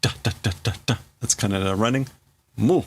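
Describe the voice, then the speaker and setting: A man's voice: lowish voice, moderate pace, slight background noise. A man hosting a live stream who reads and translates a comic while thinking aloud, with hesitant restarts. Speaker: livestream host. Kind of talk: casual live reading and translating.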